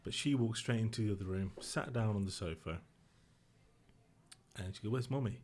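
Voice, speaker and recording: A middle-aged man speaks low and subdued. He tells a personal story haltingly and emotionally, breaking off and restarting his sentences. He is a guest on a podcast. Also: slight background noise.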